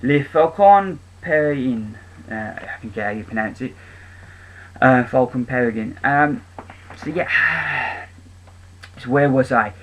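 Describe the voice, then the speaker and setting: A man talks through his weekly comic picks in a loose, chatty way. His voice sits at an ordinary middle pitch. He is clearly enthusiastic, but he often pauses on an um and restarts his sentences. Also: fairly even intonation, fairly bright tone, slight background noise, rough recording. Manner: rambling, with many ums and restarts. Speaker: comic book reviewer. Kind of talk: casual spoken review.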